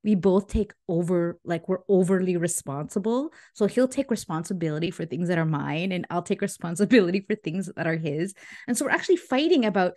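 A woman relationship coach, a guest on a podcast, talking in a casual, animated storytelling way and laughing often. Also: lowish voice, a little fast. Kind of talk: casual interview talk.

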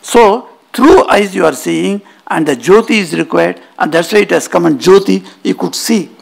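A monk lecturing, his voice pitched high with a gravelly, husky grain. He tells the story emphatically and keeps folding Sanskrit terms into plain explanation. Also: moderate pace. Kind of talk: spiritual lecture. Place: auditorium.

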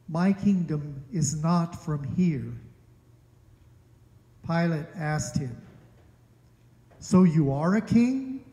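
A man reading scripture aloud at a worship service, slow and deliberate. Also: a little high, mellow. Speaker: scripture reader. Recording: echoey church with long reverb.

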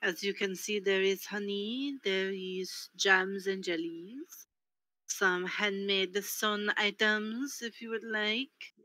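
Woman doing a French market lady, friendly, polite, bright tone, unhurried, dry sound. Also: mid-range voice, steady tone. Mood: gracious. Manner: polite, gracious. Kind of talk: tabletop role-play.

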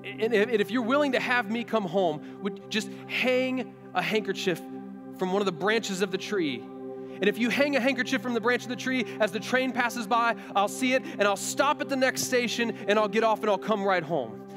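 A man's voice: sits high, moderate pace, long reverb tail, music in the background, pitched above the performer's own voice, lightly acted. A man voicing a nervous young man on his way home to estranged parents, who stumbles and repeats words as he speaks. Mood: pleading.

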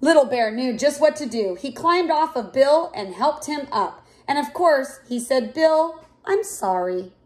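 A woman reading a children's picture book aloud in a clear, expressive way. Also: high voice, a little slow, few pauses. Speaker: storyteller.

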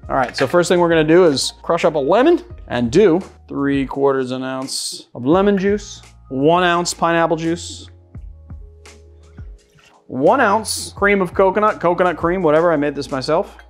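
Mixing and sampling drinks, a Boston-area man from the USA runs a laid-back cocktail demo in a chatty, rambling way with lively asides. He speaks at a normal speed in a slightly high voice, with faint music behind him.

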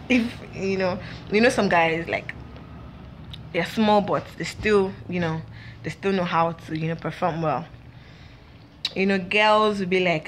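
A woman's voice: fairly low pitch, a little slow, long pauses, a little hiss or hum. A young woman, chatting and gossiping casually to her viewers with lots of fillers. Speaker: vlog host. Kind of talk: casual chat to camera.

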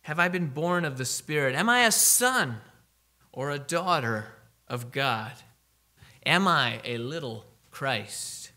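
A man preaching a sermon, emphatic, slowing down to read scripture aloud. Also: medium pitch, animated, pushed and bright.

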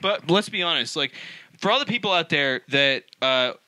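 A man's voice: on the high side, normal speed, no echo. A man co-hosting a comedy podcast, joking loosely and breaking into silly voices. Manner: animated, jokey, slips into silly impressions. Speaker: podcast co-host. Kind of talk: casual comedy podcast banter.

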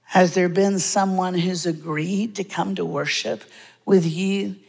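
A woman, preaching a humorous, lively sermon in a church sanctuary with dramatic pauses. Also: on the low side, creaky, husky. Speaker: guest preacher. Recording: long hall reverb.

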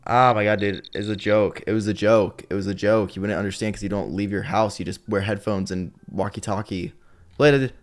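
A young man streaming a game live, talking casually, swearing and yelling when things surprise him. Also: fairly low pitch, fairly quick. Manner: excitable, swears a lot, yells when startled. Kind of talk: live-stream gaming commentary.

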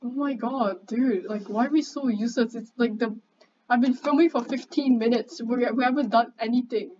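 A young woman, chatting excitably and bossily with a friend while commenting on a game, swearing casually. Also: on the high side, moderate pace. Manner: excitable, chatty, bossy banter. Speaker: gamer. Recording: dull lo-fi mic, faint background noise.

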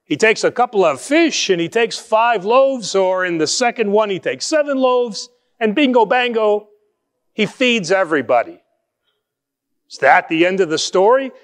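A man with a high voice preaches a sermon in a conversational way. He poses rhetorical questions to his listeners and slows down to stress key phrases before speeding through asides. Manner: lively shifts between quick and slow emphatic phrasing. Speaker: pastor.

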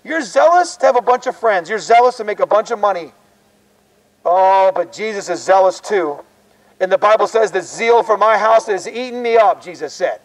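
Fervent high-voiced street preacher man. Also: lively intonation, normal speed, poor audio. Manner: fervent, exhorting, urgent. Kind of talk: open-air preaching. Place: outdoors on a college campus.

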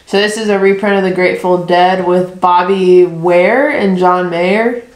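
A woman's voice: lowish voice, fairly even intonation, measured pace. A woman co-hosting a casual vlog, explaining items in a plain, matter-of-fact way. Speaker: co-host. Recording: echoey room with faint noise.

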